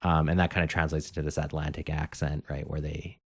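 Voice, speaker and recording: A man's voice: a bass voice, level tone, a little fast, dry recording, studio quality. A man co-hosting a podcast, talking casually and rambling with many filler words. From Canada. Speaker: podcast co-host. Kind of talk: casual chat.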